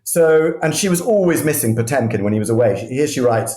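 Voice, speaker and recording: A man's voice: fairly high pitch, animated, fast, hardly any pauses, dark tone, roomy sound. A man speaking as a guest historian, telling history as vivid anecdotes and often restarting his sentences mid-thought. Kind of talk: conversational history storytelling.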